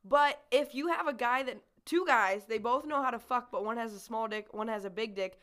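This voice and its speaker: An excitable young woman chats on a podcast with a high, sharp voice. She talks bluntly and breaks into loud laughter. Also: brisk. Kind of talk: casual chat.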